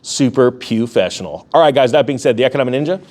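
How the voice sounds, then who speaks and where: A man hosting a casual economic news commentary, full of sarcastic joking asides and quick swings in pitch and pace. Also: darkish tone. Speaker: host of an economics news channel.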